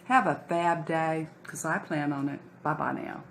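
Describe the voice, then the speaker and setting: Woman, home cooking vlog, folksy, chatty, slow and easy pace. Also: deep voice, vocal fry. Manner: folksy and chatty, hums while tasting. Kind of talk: casual cooking demo. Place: home kitchen.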